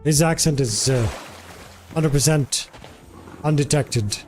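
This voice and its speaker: A man's voice: fairly high pitch, takes it slowly, faint music behind. A man from Jordan, chatting casually and greeting viewers by name as a game streamer. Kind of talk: casual live-stream chat.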